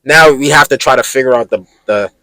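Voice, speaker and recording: A male podcast host who talks in an emphatic, slangy, casual way and turns often to address his listeners. His voice sits at an ordinary pitch for a man and sounds dry and close, with no room echo. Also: fairly quick, sharp tone.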